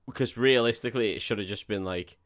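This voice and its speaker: A man's voice: fairly low pitch, fast. Wry man chatting casually. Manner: dry, wry asides, swears casually. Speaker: podcast co-host. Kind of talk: casual comedic chat.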